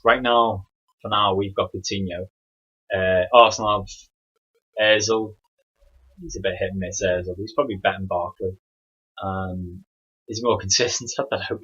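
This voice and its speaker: A man's voice: on the low side, sharp tone, breathy edge, dull audio. A young man hosting a casual solo football podcast, rambling and opinionated with frequent ums and asides. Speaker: podcast host.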